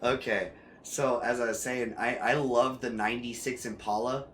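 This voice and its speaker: A man streaming casual gameplay commentary who rambles with many fillers and restarts and gets excited and loud about cars. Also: mid-range voice, moderate pace, a little hiss or hum.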